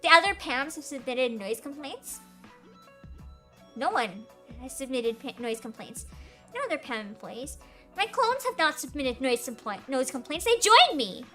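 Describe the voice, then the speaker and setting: Answering questions on a casual livestream, a young woman speaks at normal speed in a high, animated, slightly bright voice. She's giggly and talkative, with "like" everywhere, and faint music sits behind her.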